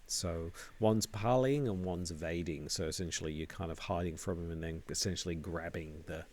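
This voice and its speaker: A man co-hosting a board game podcast, chatty and quick to check his facts. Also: low-pitched, darkish tone. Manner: chatty, laughs easily, asks for confirmation. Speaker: podcast co-host. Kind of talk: casual board game discussion.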